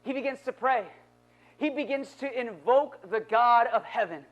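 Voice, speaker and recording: A male pastor delivering a sermon, moving from quiet, low passages to loud, building exhortation. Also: normal speed. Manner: dynamic preaching, dropping low then building to shouts.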